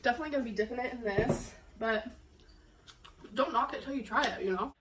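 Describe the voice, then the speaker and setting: Congested from a cold, a woman vlogger giggles and chats with viewers while cooking in her home kitchen. Her voice is a little high, fast and slightly bright, and the poor audio has some background noise.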